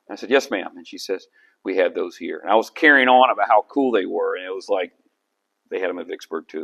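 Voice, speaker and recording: A middle-aged man, a historian lecturing to a club about slides, conversational and animated with frequent restarts. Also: mid-range voice. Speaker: historian and author giving a talk.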